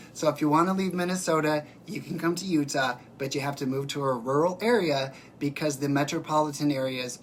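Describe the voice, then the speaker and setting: A man's voice: on the high side, a bit bright, slight background noise. A man hosting a casual livestream, reading out viewer comments and answering them by name in a chatty, emphatic way.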